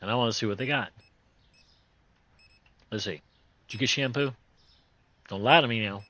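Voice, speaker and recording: A man with a hoarse voice that is still recovering, hosting a video game playthrough with rambling, joking casual commentary in folksy, loose grammar. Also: mid-range voice, normal speed, pushed and bright. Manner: joking, rambling, chuckles often. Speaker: host playing a video game.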